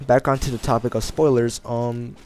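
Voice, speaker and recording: Rambling young man, mid-pitched voice. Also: flat delivery, normal speed, a little mellow, slight background noise. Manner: rambling, hesitant, many fillers and restarts. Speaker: video blogger. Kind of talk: casual rambling monologue.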